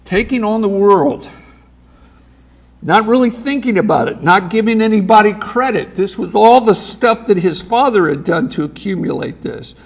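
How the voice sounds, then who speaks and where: A pastor delivers a sermon in a high, gravelly voice. He reads scripture aloud and pauses for emphasis. His delivery is deliberate and emphatic. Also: animated.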